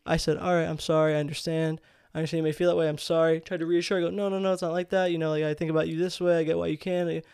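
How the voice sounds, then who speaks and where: A man in his twenties, a podcast co-host telling a story in heated, profane, animated casual chat. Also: fairly high pitch, racing, creaky, clean tone, dry recording, studio quality. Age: 20s.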